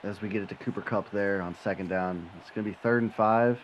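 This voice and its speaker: Gameplay streamer, male, lowish voice, dips to mutters then bursts into loud excitement, dull lo-fi mic. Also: fast talker, a little hiss or hum. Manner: swings from low mutter to excited yelling, swears when frustrated. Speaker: gaming channel host. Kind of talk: live gameplay commentary.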